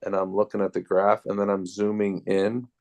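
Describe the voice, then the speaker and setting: Guy tutoring math on a call, low and kinda gravelly, laid back. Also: moderate pace. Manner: relaxed, explains step by step. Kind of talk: casual tutoring session.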